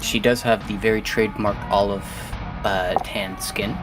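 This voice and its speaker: A man narrating as game master, relaxed and rambling with plenty of fillers. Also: fairly low pitch, moderate pace, music in the background.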